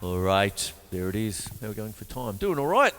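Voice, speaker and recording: A drum teacher gives a chatty, jokey lesson, counting beats aloud as he plays, with the loud drum kit sounding over his voice in a large hall. His voice is on the low side, very animated, at normal speed.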